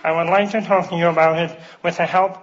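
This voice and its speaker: A man's voice: fairly high pitch, steady tone, quick pace, dull audio, a little hiss or hum, close to an everyday voice. A man doing a stiff, formal impression of a famous scientist in a stand-up set. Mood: deadpan. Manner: stiff, formal, evenly spaced words.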